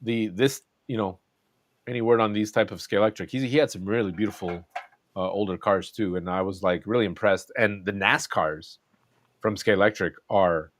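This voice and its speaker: A man's voice: on the low side, steady tone, normal speed, no room sound. A man hosting a casual chat, rambling along with lots of ums and restarts. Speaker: host.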